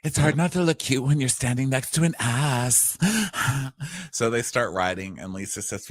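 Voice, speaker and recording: A podcast co-host with a medium-pitched voice chats casually at normal speed in a recap, tossing in wry, joking asides. There's no echo.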